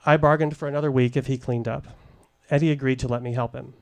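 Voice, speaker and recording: A middle-aged man telling a candid personal story at a live showcase, deliberate and wry, into a stage microphone. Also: medium pitch, steady tone, creaky. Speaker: storyteller, former case manager.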